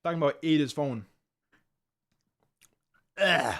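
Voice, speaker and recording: Young dude on a live football stream, chatty, kinda higher voice, reacting to chat. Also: male voice, takes it slowly, fairly bright tone. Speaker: livestream host. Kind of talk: casual livestream commentary.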